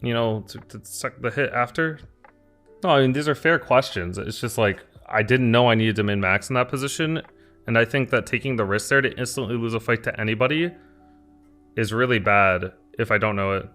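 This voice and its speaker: A man with a bright, forward voice talks through his plays on a live stream, thinking aloud and answering viewers' questions. He sits at an ordinary middle pitch. Soft lo-fi music plays faintly underneath. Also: fairly quick. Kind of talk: live-stream gameplay commentary.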